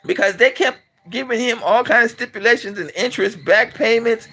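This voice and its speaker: A man's voice: very high voice, a little fast, pushed and bright, a little hiss or hum. A middle-aged man from California, hosting his channel with a casual, blunt and emphatic opinionated monologue. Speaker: channel host and commentator.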